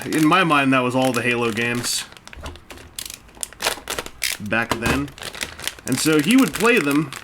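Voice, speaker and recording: A male toy-building video host chats casually at an indoor table while assembling a brick set, his medium-pitched voice set against a noisy background. He rambles along with self-mocking jokes and asides.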